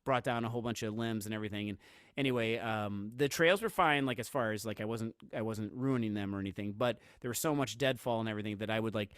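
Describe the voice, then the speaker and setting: A man's voice: on the low side, quick pace, fairly bright tone, clear, resonant tone, dry recording, clean studio sound. A man co-hosting a podcast in casual chat, rambling with lots of fillers and restarts and laughing easily. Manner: laughs easily while telling stories. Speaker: podcast co-host.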